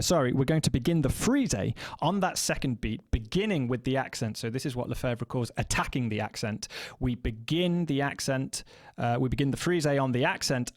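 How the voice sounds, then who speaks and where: A man teaching snare drum technique, explaining in a measured way and counting rhythms aloud, with occasional fillers and self-corrections. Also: mid-range voice, dry recording. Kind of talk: instructional music lesson.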